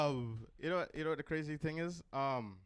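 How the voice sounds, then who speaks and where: A man's voice: a little high, normal speed, fairly bright tone, smooth. A man from Jamaica doing a stand-up set on a club stage, rambling with many ums between crude punchlines. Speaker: stand-up comedian. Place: comedy club stage with audience.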